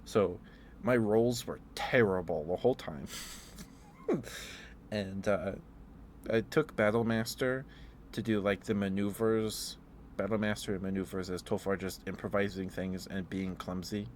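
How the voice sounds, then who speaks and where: A man in a soft-spoken ASMR ramble, telling meandering stories with fillers and chuckles. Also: on the low side, fairly even intonation, a little slow, slight background noise. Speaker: ASMR streamer.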